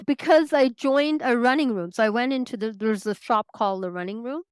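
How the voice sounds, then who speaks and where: A woman's voice: a little high, brisk, clear, resonant tone, dry recording, clean studio sound. Chatty Canadian woman in her forties. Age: 40s. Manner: chatty, laughs often, acts out quoted lines in a lifted voice. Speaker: podcast guest. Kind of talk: casual interview storytelling.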